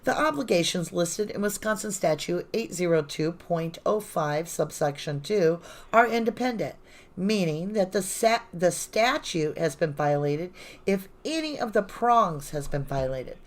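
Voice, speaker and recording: A woman with a somewhat low voice reads court filings aloud on a live true-crime stream. She keeps stopping to add sarcastic, indignant comments of her own, and she records on her phone. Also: lively intonation, unhurried. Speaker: true-crime channel host.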